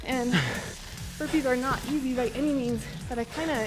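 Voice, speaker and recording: A woman's voice: high-pitched, fairly even intonation, moderate pace, noisy background. A woman co-leading a home workout, upbeat and chatty, counting down the seconds. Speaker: fitness instructor. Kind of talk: workout coaching and explanation.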